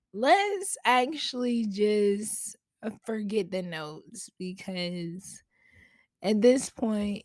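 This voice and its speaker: A woman's voice: mid-range voice, no room sound. A woman hosting a casual solo podcast from home on a podcast mic, chatty and slangy as she talks straight to her listeners. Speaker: podcast host. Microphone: podcast mic at a laptop.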